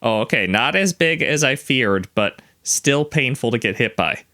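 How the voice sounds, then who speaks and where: Bright-voiced man making wry comments. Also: mid-range voice, lively intonation, moderate pace. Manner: wry, questioning reactions. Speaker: podcast co-host. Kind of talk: casual chat.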